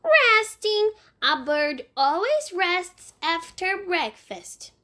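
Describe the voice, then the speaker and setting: A woman reading aloud and voicing a playful little boy with squealing, drawn-out questions. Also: extremely high pitch, sing-song, sharp tone, pitched above the performer's own voice, full character voice.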